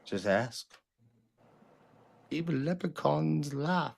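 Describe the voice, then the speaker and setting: A man voicing a mean, tricky little male leprechaun with a put-on Irish accent, speaking slowly and hushed. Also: on the high side, expressive, vocal fry, full character voice. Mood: sly.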